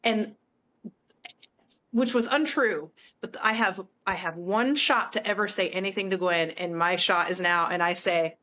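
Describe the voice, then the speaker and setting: A woman singer, a guest on a podcast, excitedly retelling a story with lots of restarts. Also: fairly low pitch, measured pace. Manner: animated, breathless retelling with frequent "like" and restarts. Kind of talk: excited storytelling in casual chat.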